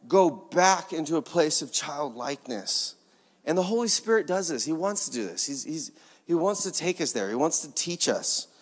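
A man preaching a sermon in an animated, conversational way, often laughing as he speaks. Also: a little high, long reverb tail.

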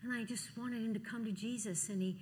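A woman in her sixties giving a lively testimony sermon, acting out the people in her stories. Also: on the high side, a little fast, long reverb tail, a little hiss or hum. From Cleveland. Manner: animated storytelling, acting out dialogue. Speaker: Christian speaker.

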